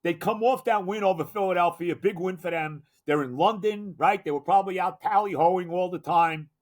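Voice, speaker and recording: A man's voice: sits high, moderate pace. An older man hosting a sports podcast, ranting in an exasperated, emphatic way and repeating himself. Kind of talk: solo sports rant.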